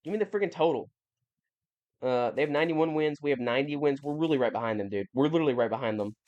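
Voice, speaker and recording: A man's voice: medium pitch, fast, darkish tone, muffled recording. A young man giving casual, rambling commentary over a video game, often correcting himself and sounding mildly exasperated. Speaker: gaming YouTuber.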